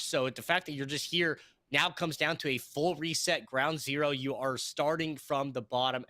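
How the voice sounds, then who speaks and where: A man calling a live esports match with a bright, forceful voice. He rambles and laughs easily, and the sound is dry and close on a headset mic. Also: medium pitch, no echo. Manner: rambling, excitable, quick to laugh. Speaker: esports caster.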